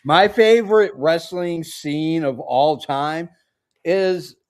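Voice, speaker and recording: Male co-host, casual chat, raised pitch, blunt and jokey. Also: slow pace, clear, resonant tone. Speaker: podcast co-host.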